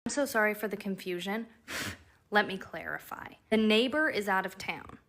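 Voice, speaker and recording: A young woman telling a story in a chatty, animated way, acting out the people and imitating sounds. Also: medium pitch, normal speed. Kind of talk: casual storytime monologue.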